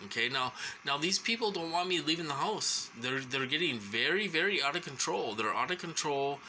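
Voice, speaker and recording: A man telling a rambling personal story to the camera, halting and full of ums and restarts. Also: mid-range voice, pushed and bright, a little hiss or hum, rough recording. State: short of breath at times.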